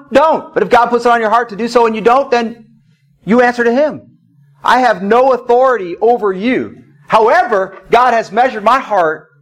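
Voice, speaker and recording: At a church service, a male pastor with a fairly high voice preaches a sermon. His storytelling style is emphatic, often rising to forceful declarations.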